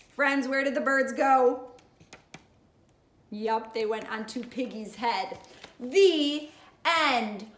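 Slow high-voiced woman teaching young children. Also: echoey room. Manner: encouraging, addresses children as friends. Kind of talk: children's lesson and story reading.

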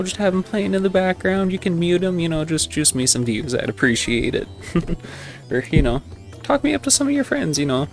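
A man casually commenting on a video game as he plays, rambling and self-deprecating with lots of fillers. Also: medium pitch. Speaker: gaming channel host. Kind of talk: casual let's play commentary.

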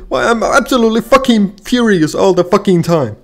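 This gamer's high, expressive voice moves briskly as he rants through a card game. He swears constantly, sounds frustrated, and keeps repeating himself.

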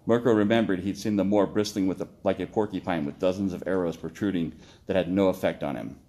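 A man reading his own story aloud, steady with occasional slips and self-corrections. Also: low-pitched, quick pace.

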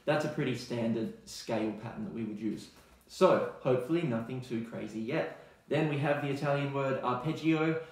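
An Australian man teaching music in a relaxed, chatty way, now and then singing scale notes to demonstrate. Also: mid-range voice, brisk, heavy reverb. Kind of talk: recorded online music lesson.

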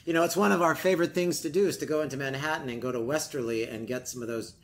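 A man's voice: a little high, fast talker. A man with a New York accent co-hosting a radio show, enthusiastic and teasing in casual chat. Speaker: radio co-host.

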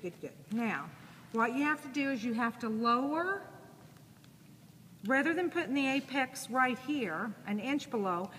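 A woman teaches a sewing class, chatty and relaxed, talking through each step as she works. Her voice carries through a reverberant classroom, with steady background noise around it. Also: on the high side. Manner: casual, chatty, thinking aloud while working. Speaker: sewing instructor. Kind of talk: classroom demonstration. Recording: echoey room with audible noise.

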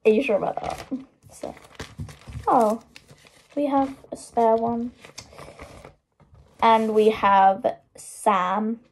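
A woman's voice: fairly high pitch, takes it slowly, long pauses, a little hiss or hum. A woman chatting casually on camera through earbuds, giggling and rambling with self-mocking asides. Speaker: vlogger. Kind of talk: casual show-and-tell chat. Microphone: wireless earbuds.

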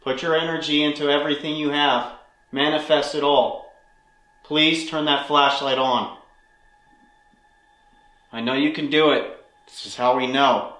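A man's voice: fairly high pitch, fairly even intonation, unhurried, long pauses, a bit bright. A man hosting a ghost hunt inside an old building, earnestly pleading with spirits to answer. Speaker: paranormal investigator host. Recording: roomy echo.

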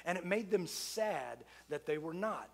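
High-voiced man preaching a conversational sermon. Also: expressive, a little slow, gravelly. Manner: conversational, repeats phrases for emphasis. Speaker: pastor.

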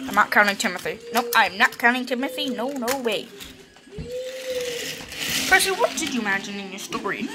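A woman's voice: on the high side, animated, moderate pace, pauses often. A woman playing with toy trains, chattering playfully and bossily as she voices the engines. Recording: clear background noise. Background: background noise.

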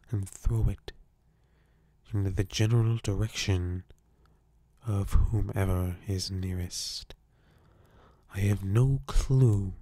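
A man voicing a snarky male character in a whispered role-play, with a soft breathy whisper and deadpan, mock-soothing insults. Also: lowish voice, dry recording.

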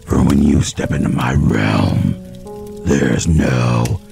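Un hombre que da voz a un guardián siniestro de un reino de pesadillas, en una intro de terror lenta y amenazante. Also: male voice, extremely low pitch, over music, pitched below the performer's own voice, full character voice. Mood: ominous. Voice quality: gravelly, slow and menacing. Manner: ominous, drawn-out welcome. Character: sinister deep-voiced male keeper of a realm of nightmares. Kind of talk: horror channel intro.

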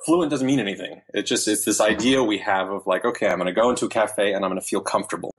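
A man in his thirties talks as a podcast guest, animated and full of quick asides. His voice sits on the low side and has a husky grain. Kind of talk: casual interview chat.

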